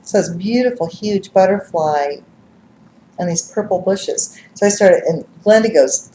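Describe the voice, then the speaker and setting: A middle-aged woman, a psychic reader, telling stories casually to a live group, lively and laughing as she acts out what others said. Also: medium pitch, a little slow, echoey room, low-quality recording. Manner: animated, laughs and acts out quotes. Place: live-streamed gathering room.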